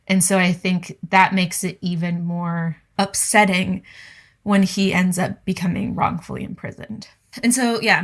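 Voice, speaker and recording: Lowish-voiced woman cohosting a book podcast, casual chat, acts out the characters' lines. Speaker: podcast co-host.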